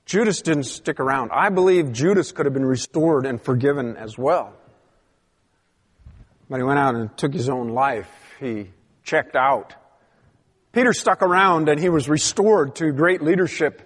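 A man's voice: fairly high pitch, a little slow, husky. Emphatic preaching man in a reverberant hall. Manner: preaching with emphatic rises and drops, reading scripture aloud. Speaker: pastor. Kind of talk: sermon.

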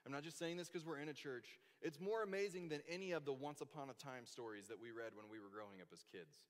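Animated man preaching in a reverberant church. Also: medium pitch, fast talker. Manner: animated storyteller, acts out quoted voices. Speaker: pastor. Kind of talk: sermon. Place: church sanctuary. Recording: long hall reverb.

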